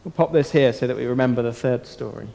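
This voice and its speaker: A man leading an interactive Bible talk for children, asking them questions and using dramatic pauses. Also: mid-range voice, vocal fry, background noise. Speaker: children's talk leader at church. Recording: long hall reverb.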